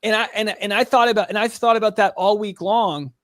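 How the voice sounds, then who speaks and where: Comedian guest, male, high-pitched for a man, animated storyteller, dry close mic. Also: no room sound. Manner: animated storyteller, quick restarts and asides. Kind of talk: casual interview storytelling.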